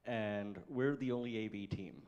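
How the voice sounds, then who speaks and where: A church sound-booth volunteer speaks up from the audience with a casual introduction. He pauses often and fills the gaps with "uh". His voice sits somewhat low. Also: a little mellow, muffled recording. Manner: halting, with many fillers.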